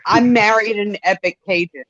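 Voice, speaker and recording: A woman chatting casually on a live stream, telling stories in an emphatic, expressive way. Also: mid-range voice, normal speed, lo-fi sound, a crowd in the background. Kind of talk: casual chat.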